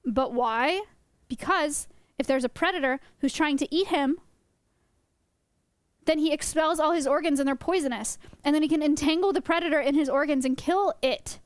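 A woman's voice: high-pitched, moderate pace, dry recording. A young woman teaching her stream chat about animals in a playful, joking way, often laughing. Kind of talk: casual livestream lesson.

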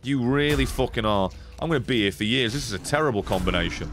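A man's voice: medium pitch, quick pace. Sweary man streaming a game. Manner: sweary, animated, talks to chat. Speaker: streamer playing a card game. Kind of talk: casual gameplay commentary. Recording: faint music behind.

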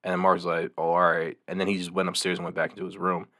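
A young man co-hosting a podcast, telling stories in a casual, animated way and acting out the people in them. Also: low voice, rapid-fire. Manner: animated storyteller, acts out quoted voices. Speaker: podcast co-host. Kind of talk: casual chat, storytelling.

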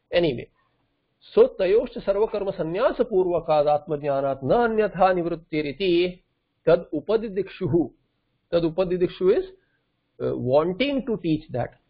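High pitched guy teaching a scripture class, asks himself questions then answers, muffled lo-fi recording. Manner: explains by asking himself questions and answering them. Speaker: Vedanta teacher.

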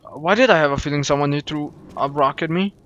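A man's voice: fairly high pitch, a little fast, highs cut off, slight background noise. Jumpy young man voicing gameplay commentary. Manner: excitable, jumpy, swears when startled. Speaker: gaming YouTuber. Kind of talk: first-play horror game commentary.

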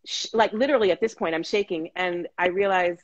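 A woman guest telling her story in casual, animated chat, with frequent restarts, over a video call. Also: fairly low pitch, brisk, highs cut off. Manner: animated, restarts, acts out quotes.

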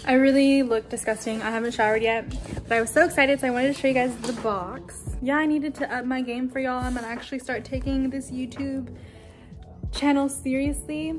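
A young woman vlogging to her camera in an excitable, chatty way, full of "like". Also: high voice, a little fast. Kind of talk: casual vlog chat. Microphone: handheld camera. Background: background music.

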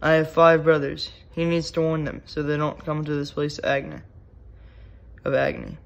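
A man's voice: fairly high pitch, flat delivery, moderate pace, gravelly. A man reading scripture aloud, voicing a desperate rich man who pleads urgently from torment. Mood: pleading. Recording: dull lo-fi recording.

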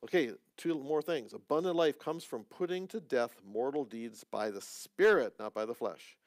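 Male pastor, gravelly tone, dry close sound; relaxed teaching sermon with jokey asides. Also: mid-range voice, moderate pace, no room sound. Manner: conversational, joking asides, restarts. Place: church.

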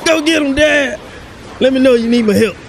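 A man's voice: very high-pitched, moderate pace, creaky, slight background noise, pitched above the performer's own voice. A man voicing a cocky baby boy who eggs on his dad with tough street talk.

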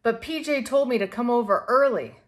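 Lady reading as a little girl, high and whiny, storybook voice. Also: fairly quick, lightly acted. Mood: indignant. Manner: high, pleading and indignant. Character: upset little girl, quick to quarrel.

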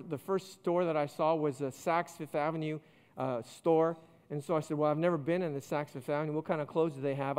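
A man, a pastor, preaching a sermon with jokey, self-deprecating stories. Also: on the high side. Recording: long church hall reverb.

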